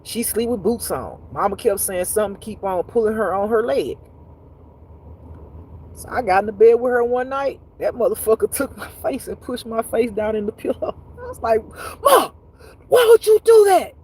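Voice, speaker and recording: A woman with a husky, slightly breathy voice speaks as a spiritual teacher on a casual livestream. She tells her stories in an animated, profane way and talks straight to the people watching. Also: medium pitch, moderate pace, poor audio. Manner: animated, profane storytelling with frequent laughs; talks straight to viewers, reads comments aloud.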